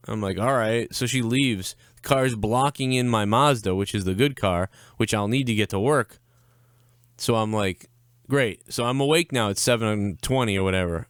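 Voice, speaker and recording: A young man with a lowish, clean voice co-hosts a live show, recorded with studio quality and no echo. He tells a long, profane story in a rambling, casual way, getting animated whenever he quotes other people.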